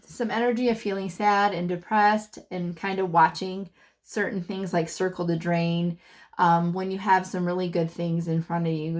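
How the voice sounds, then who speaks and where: A woman giving a casual tarot reading to her channel's viewers, chatty and full of fillers as she thinks aloud. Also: lowish voice. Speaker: tarot reader.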